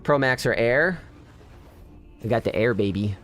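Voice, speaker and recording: A man's voice: mid-range voice, lively intonation, unhurried, a bit bright, soft background music. A man streamer in casual live-stream chat, venting candidly to his viewers with frequent restarts.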